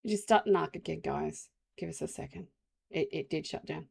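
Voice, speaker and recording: A woman's voice: sits low, normal speed, vocal fry, darkish tone, slightly rough. An Australian woman chatting casually to her viewers while streaming a game, rambling from topic to topic. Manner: rambling, chatty, talks to chat while playing. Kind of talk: casual live-stream chat.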